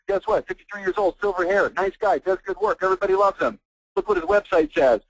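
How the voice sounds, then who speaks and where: A man giving a fired-up, blunt sales pitch as host of a marketing webinar on an online call. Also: lively intonation, quick pace, no room sound, rough recording. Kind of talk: persuasive sales presentation.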